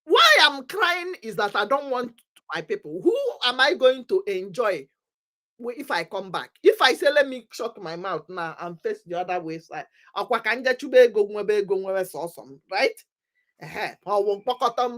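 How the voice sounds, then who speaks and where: A woman's voice: medium pitch, lively intonation, moderate pace, a bit bright. A woman with a Nigerian accent giving an impassioned, repetitive talk to her community, pressing urgency. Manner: emphatic, repetitive, preaching urgency. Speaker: commentator on community affairs. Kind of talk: impassioned talk mixing English, Pidgin and Igbo.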